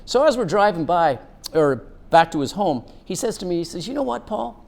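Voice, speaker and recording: A man's voice: a little high, animated. A middle-aged man, a former police officer, earnestly telling a personal story and drawing a lesson from it. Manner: earnest, unhurried, draws out a lesson.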